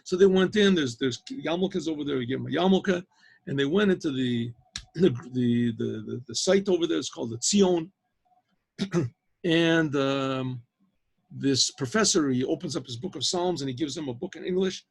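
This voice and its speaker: A rabbi narrates a story in a gravelly, husky voice that sits a little high for a man. He tells it with lots of animation, repeating words and stumbling into restarts. It sounds like a video call. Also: normal speed. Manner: animated, with stammered restarts and repetitions. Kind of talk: storytelling lecture.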